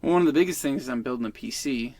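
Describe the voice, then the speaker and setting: A man's voice: mid-range voice, very fast, darkish tone, no echo. A man in his twenties, a podcast guest, telling a rambling, profane story in casual chat.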